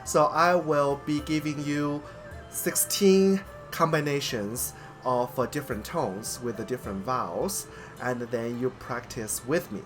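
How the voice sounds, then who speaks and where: A man hosting a lesson on speech sounds, slowly demonstrating tones on drawn-out vowels. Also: medium pitch, faint music behind. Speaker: host and language teacher. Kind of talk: pronunciation lesson.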